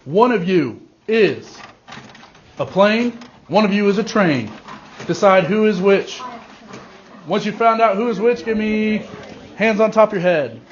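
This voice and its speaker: A male teacher giving a class directions, leaning on key words slowly for emphasis, recorded in a classroom. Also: high-pitched, expressive, lo-fi sound, a little hiss or hum. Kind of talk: classroom instruction.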